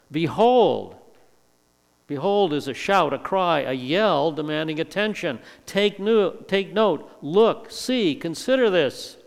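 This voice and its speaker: An older man delivers a verse-by-verse sermon in a slightly high, gravelly voice. He stresses points by stacking and repeating words. The sound carries a long hall reverb. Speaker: preacher.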